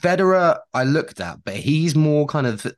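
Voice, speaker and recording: A man's voice: a little high, very animated, normal speed. A young man co-hosting a podcast, chatting casually with rambling, self-deprecating asides. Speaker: podcast co-host and actor. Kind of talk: casual chat.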